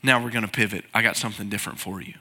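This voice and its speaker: A man with a Southern US accent, voicing God as a calm, assured speaker in his sermon. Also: on the low side, racing, breathy edge, voice pushed down, heavily acted. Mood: reassuring.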